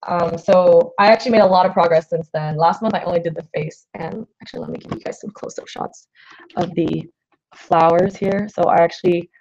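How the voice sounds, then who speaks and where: A woman's voice: lowish voice, a little mellow. Chatty woman painting on a livestream. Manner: scattered and self-deprecating, many fillers and okays. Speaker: artist livestreaming to patrons. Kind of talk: casual livestream chat while painting. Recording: slightly dull lo-fi livestream audio.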